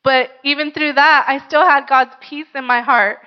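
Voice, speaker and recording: A woman's voice: high voice, fairly even intonation, moderate pace, lo-fi sound. A woman pastor sharing a personal testimony in an earnest, conversational sermon, often saying "like".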